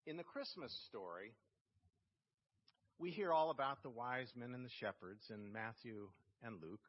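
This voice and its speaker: A male pastor giving a sermon, telling a story with slow, emphatic phrasing. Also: medium pitch, expressive. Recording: long reverb in a church hall, dull lo-fi sound.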